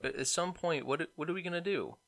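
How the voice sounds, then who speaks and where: A young man co-hosting a podcast, ranting excitedly about politics and mocking people in put-on voices. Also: a little high, fast, creaky. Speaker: podcast co-host. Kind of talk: casual political banter.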